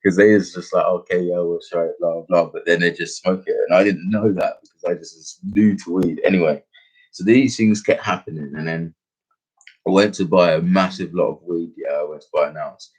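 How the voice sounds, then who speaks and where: A young man tells a personal story in loose, slangy chat. He keeps circling back on himself with fillers and restarts. His voice sits low and slightly husky. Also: fairly even intonation, brisk, darkish tone. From England. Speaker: podcast host. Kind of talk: casual storytelling.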